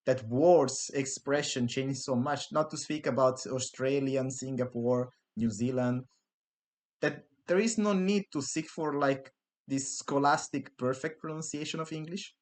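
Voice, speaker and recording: A man's voice: medium pitch, measured pace. A man with an Italian accent, co-hosting a podcast in casual, rambling chat full of restarts and laughs. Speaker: podcast co-host.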